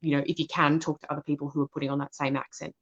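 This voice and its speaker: Low-voiced woman on a dull recording. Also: little pitch movement, very fast. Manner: thoughtful, restarts often. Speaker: assistant director and narrator. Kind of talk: live Q&A answer. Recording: dull lo-fi sound.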